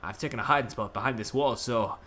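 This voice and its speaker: A man voicing a nervous man in hiding with a rough put-on Scottish lilt, reading game dialogue. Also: fairly high pitch, animated, brisk, bright, forceful tone, voice pushed up. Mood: wary.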